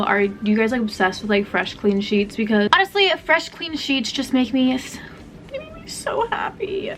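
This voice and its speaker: A young woman talks casually into her camera at home, her voice sitting a little high. She keeps dropping in "like" and "literally" as she chats along. A faint hum of room ambience sits behind her. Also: a bit bright. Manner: chatty, heavy use of "like" and "literally". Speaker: vlogger. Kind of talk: casual vlog chat. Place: home, bedroom and bathroom.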